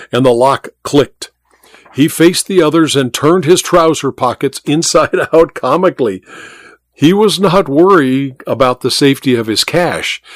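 A man narrating an audiobook in a lively, expressive way. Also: mid-range voice, dry recording, studio quality.

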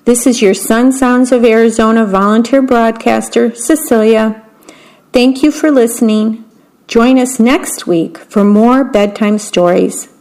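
Volunteer radio reader, woman, gentle bedtime-story delivery, slightly high voice. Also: a little slow. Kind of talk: reading a bedtime story aloud.

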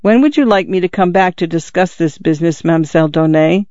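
A man's voice: on the high side, fast, a little mellow, no room sound, natural voice. A man voicing a shy, grieving young peasant son who speaks hesitantly and with embarrassment, in a dull lo-fi recording. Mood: subdued.

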